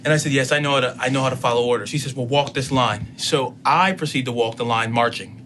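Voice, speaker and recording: A man's voice: mid-range voice, a bit bright, slight background noise. Man in his thirties recounting a story. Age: 30s. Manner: measured, recounting events with quoted dialogue. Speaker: interviewee. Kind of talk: storytelling in an interview.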